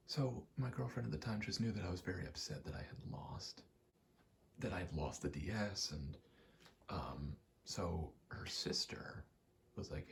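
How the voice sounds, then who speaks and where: A man telling a story in a soft, whispered ASMR ramble, full of fillers and casual swearing. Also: deep voice, animated, moderate pace, gravelly. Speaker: ASMR channel host.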